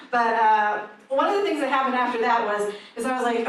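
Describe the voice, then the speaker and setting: A woman comedian with a high voice tells dark jokes in a dry, deadpan way. The club sound is very echoey and distant, with audience noise behind her. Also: moderate pace. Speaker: stand-up comedian. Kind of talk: stand-up comedy set.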